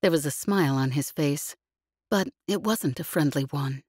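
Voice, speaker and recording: A woman narrates an audiobook in a low voice with steady, even storytelling. The recording is close and dry, with no room sound. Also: normal speed, slightly rough, no room sound. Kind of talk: scripted narration.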